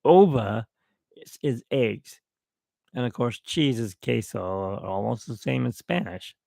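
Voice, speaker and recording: Male streamer host, gravelly, dry close sound, jokey rambling delivery. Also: mid-range voice, slow, dark tone, no room sound. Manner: rambling, joking, self-mocking. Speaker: YouTube channel host. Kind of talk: casual live stream chat. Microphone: desk microphone.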